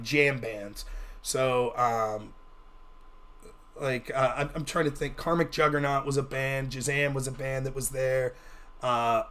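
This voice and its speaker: High-voiced guy telling a rambling swear-heavy story on his stream, loose and chatty. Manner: profane, rambling, animated storyteller. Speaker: livestream host. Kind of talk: casual storytelling.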